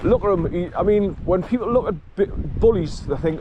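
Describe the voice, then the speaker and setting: Older guy rambling on a dog walk, bit high voice, wind blowing on the mic. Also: a little slow, few pauses, dull audio. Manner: chatty, laughs often, coos at his dog. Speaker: vlogger walking his dog. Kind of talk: casual outdoor vlog chat. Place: outdoors by a river road in wind. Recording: wind noise outdoors.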